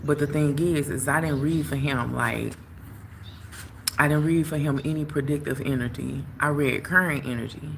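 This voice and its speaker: A young woman hosting a livestream, telling a story in a casual, animated way straight to her viewers. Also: sits low, moderate pace, creaky, a little hiss or hum. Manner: animated, talks straight to viewers, lots of "like" and "you know". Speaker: tarot reader and livestream host. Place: outdoors at work, phone livestream.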